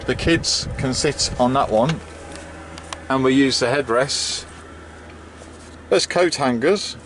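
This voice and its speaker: Chatty family dad vlogging outdoors. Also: male voice, mid-range voice, slow pace, a bit bright, slight background noise. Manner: chatty, practical, lightly joking with his kids. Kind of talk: casual vlog narration.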